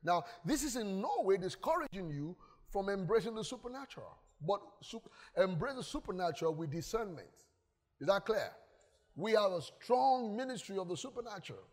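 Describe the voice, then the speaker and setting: High-voiced pastor preaching in a reverberant hall. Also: male voice, big pitch swings, moderate pace. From Nigeria. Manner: emphatic, asks the congregation questions, acts out stories. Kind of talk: sermon. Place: church hall. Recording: long church hall reverb.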